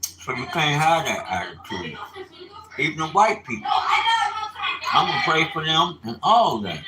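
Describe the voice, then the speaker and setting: A man delivers informal religious teaching that slides into profane rants. His pitch swings widely, and he breaks into sudden shouts. A steady wash of ambient noise sits behind him. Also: measured pace, roomy sound. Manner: animated, profane, bursts of shouting. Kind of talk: informal preaching and ranting. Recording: noisy ambient background.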